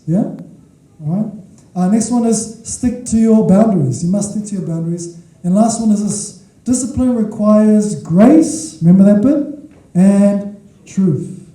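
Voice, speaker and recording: A man's voice: high-pitched, dark tone, distant mic. Emphatic male pastor, echoey hall. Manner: emphatic, repeats key points, checks in with the audience. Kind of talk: sermon.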